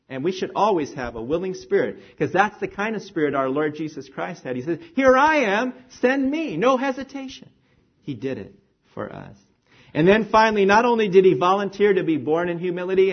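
A man preaching a sermon with animated emphasis, swinging between raised declarations and hushed, quiet phrases. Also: sits high, lo-fi sound. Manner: animated, rising and falling emphasis, drops to near-whisper.

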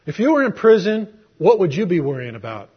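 A man's voice: high-pitched, very animated, a little fast, husky. A middle-aged man preaching a sermon, telling a personal story in a conversational way with rhetorical questions. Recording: muffled lo-fi recording.

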